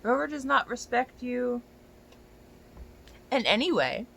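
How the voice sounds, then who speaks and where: Exasperated young dog walker ranting, bright voice. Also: mid-range voice, big pitch swings, takes it slowly, creaky. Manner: exasperated, profane, rising to near-shouts. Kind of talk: ranting vlog to camera.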